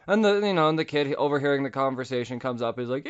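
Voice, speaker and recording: A man hosting a podcast, casually recapping a comic book with profanity and quick voice impressions. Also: mid-range voice, fairly even intonation, clean tone, highs cut off. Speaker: podcast host.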